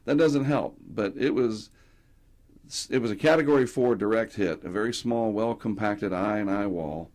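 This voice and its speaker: A middle-aged man from North Carolina with a fairly low voice, spinning casual anecdotes as an interview guest. He slips into the voices of the people in his stories as he tells them. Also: moderate pace. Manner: animated anecdotes, acting out quotes. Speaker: guest, hurricane tracker.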